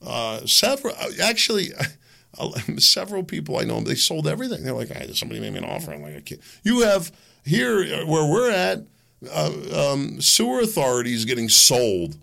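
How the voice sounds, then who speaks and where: A man's voice: a little high, big pitch swings, normal speed, vocal fry, sharp tone. A man hosting his own podcast, ranting through solo political commentary and acting out the people he quotes. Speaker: podcast host.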